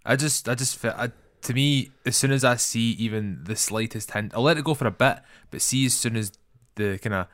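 A Scottish man co-hosting a podcast, giving blunt, swearing, animated opinions in casual chat. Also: mid-range voice, fairly quick, no echo, studio quality. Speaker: podcast co-host.

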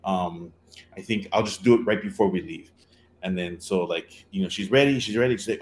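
A man tells a story in a relaxed chat. He rambles, leans on fillers and acts out quoted lines. A faint hum of the room sits behind him. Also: deep voice, fairly quick.

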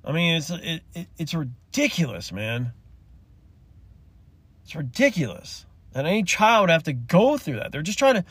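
A man's voice: on the high side, big pitch swings, moderate pace, a bit bright, breathy edge, dry recording. Impassioned man ranting, dry and close. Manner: impassioned, rambling, swears, chokes up and tearful. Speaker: podcast host. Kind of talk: emotional solo rant.

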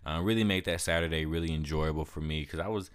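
A young man casually retelling a story for his vlog, with lots of "like" fillers and lively quoted asides. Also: extremely low pitch, fast talker. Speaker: vlogger.

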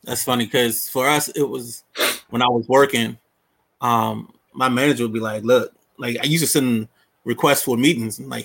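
A man's voice: mid-range voice, fairly even intonation, normal speed, gravelly, a bit bright, husky. A man co-hosting a casual sports talk show, easygoing and laughing along.

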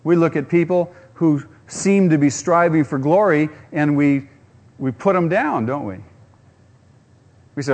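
A man's voice: on the high side, expressive, normal speed, a little mellow. A man preaching a sermon, using rhetorical questions and acting out quotes. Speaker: pastor.

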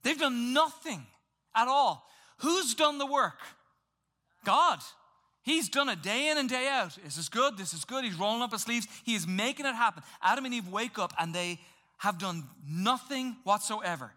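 A man preaching a sermon in a lively, conversational way, acting out little voices for humor. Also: sits high, normal speed. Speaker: pastor.

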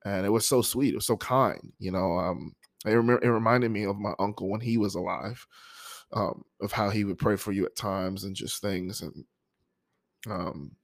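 A man with a lowish voice tells a personal story in a soft, halting, emotional way. The recording is dry and close, with no room sound. He pauses often as he gathers himself before reading his poem. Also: creaky, dry recording. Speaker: poet introducing a poem.

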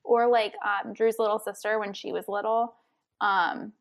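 A young woman co-hosting a podcast, telling animated stories with frequent laughs. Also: mid-range voice, normal speed, gravelly, low-quality recording. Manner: animated storyteller, laughs often. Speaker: podcast co-host. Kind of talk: casual chat.

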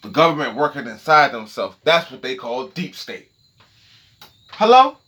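A man hosts his own podcast from his home setup, delivering a loose, profanity-laced solo rant and checking in with listeners. His voice is mid-range at a moderate pace, and he's animated, repeatedly asking "okay?".

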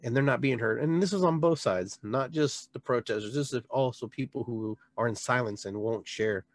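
A man hosting a live show as a shaman, talking in a heartfelt, rambling way with many restarts, jumping from loud bursts down to quiet trailing words. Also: medium pitch, normal speed, no echo. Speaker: podcast host and shaman. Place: local area with a reservoir, addressing live viewers.

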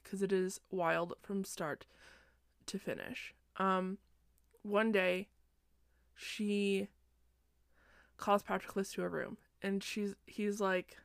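Sleepy, chatty young woman with vocal fry. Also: medium pitch, dry recording, studio quality. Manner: chatty, self-deprecating, digressive. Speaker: podcast host. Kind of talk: casual book recap.

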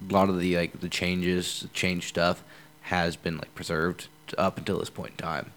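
A man's voice: low voice, moderate pace, a little hiss or hum. A young man hosting a podcast, casually retelling a myth with many filler words. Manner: relaxed storytelling with frequent fillers. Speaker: podcast host. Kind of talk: casual chat.

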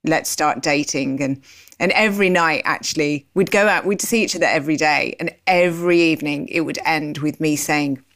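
A woman with a notably low voice tells her own story as an interview guest. She is animated and slips into the voices of remembered conversations as she goes. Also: normal speed. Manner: animated, acts out remembered dialogue.

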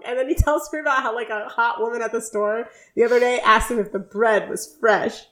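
A young woman co-hosting a podcast, retelling a sitcom episode scene by scene in a casual, animated way. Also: fairly high pitch. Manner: animated retelling, quick quoted dialogue. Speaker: podcast co-host. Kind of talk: casual recap chat.

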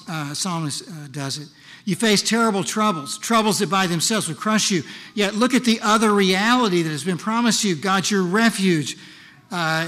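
Animated, high-voiced preacher man. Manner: animated, conversational, asks the congregation questions. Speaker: pastor. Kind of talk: sermon.

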